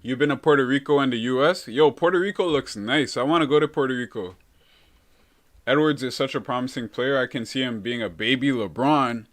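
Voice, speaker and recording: A young man hosts a relaxed live stream, answering viewer comments in loose, easygoing chat. His pitch sits in a normal middle range for a man. He talks in a laid-back way and drops "bro" into almost every thought. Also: fairly quick. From Canada.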